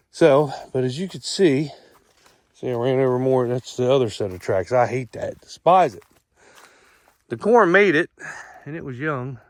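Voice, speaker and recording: A man's voice: mid-range voice, clear, resonant tone, no echo. Eastern shore farmer guy, middle-aged, walking his corn and rambling plain, dry outdoor sound. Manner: plain-spoken, repeats himself, explains while walking. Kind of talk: casual vlog walkthrough. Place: outdoors in a cornfield.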